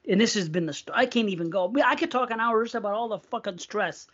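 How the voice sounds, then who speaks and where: A man's voice: high-pitched, quick pace, a bit bright. A middle-aged man co-hosting a podcast, telling a long, profane, rambling story in casual chat. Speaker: podcast co-host. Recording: dull lo-fi sound.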